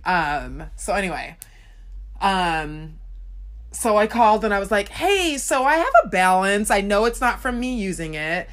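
A woman co-hosting a casual chat, telling a story with lots of animated retelling and laughter. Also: mid-range voice, unhurried. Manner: animated storyteller, acts out phone calls, laughs often. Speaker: podcast co-host.

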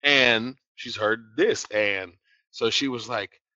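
Laid-back man, bright dry voice. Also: mid-range voice, takes it slowly, no echo, dull audio. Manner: laid-back, slangy, many "you feel me" asides. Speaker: podcast co-host. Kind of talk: casual chat.

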